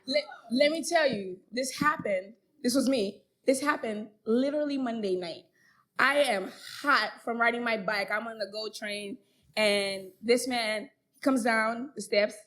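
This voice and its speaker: Casting: young woman, podcast co-host, lively storyteller, a bit high, laughs a lot. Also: unhurried. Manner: animated, laughs often, acts out others' lines. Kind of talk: casual storytelling chat.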